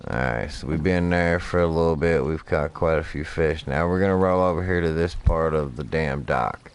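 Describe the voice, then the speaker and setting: A man's voice: a bass voice, moderate pace, smooth. A man streaming a fishing game, telling rambling, profane stories while he plays. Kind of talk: casual gameplay commentary.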